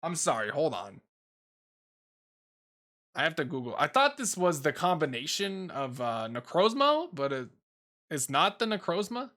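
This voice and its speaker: Bright-voiced young man rambling casually. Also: fairly high pitch, very animated, unhurried, long pauses. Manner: rambling, swears casually, frequent ums and uhs. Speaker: YouTuber ranking Pokemon. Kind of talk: casual commentary while making a tier list.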